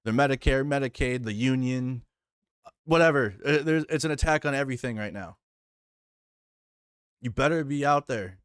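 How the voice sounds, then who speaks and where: A man's voice: mid-range voice, normal speed, pauses often, smooth, dry recording, clean studio sound. A man streaming a reaction to the news, ranting heatedly with constant swearing and repetition. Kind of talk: profane angry rant.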